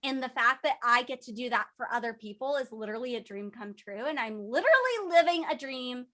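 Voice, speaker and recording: Bubbly young actress type, high and bright, chatty and emotional. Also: female voice, lively intonation, a little fast. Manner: bubbly, emotional, talks with lots of "like". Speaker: voice actress and singer. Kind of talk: casual interview answers.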